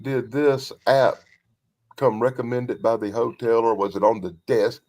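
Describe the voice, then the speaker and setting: A man's voice: medium pitch, fairly even intonation, unhurried, darkish tone. A man in casual chat asking probing questions.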